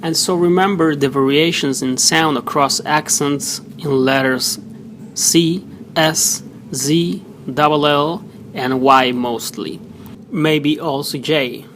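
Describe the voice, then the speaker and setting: A man teaching pronunciation, slowly sounding out example words one at a time. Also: a little high, fairly even intonation, fairly bright tone. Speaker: language teacher. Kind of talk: slow pronunciation lesson. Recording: noisy background hiss.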